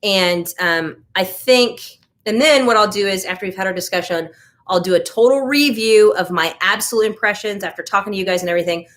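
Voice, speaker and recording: American lady rambling on her livestream, chatting back to comments, mid-pitched everyday voice. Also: fairly quick, fairly bright tone. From United States. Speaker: livestream host. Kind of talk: casual live-stream chat.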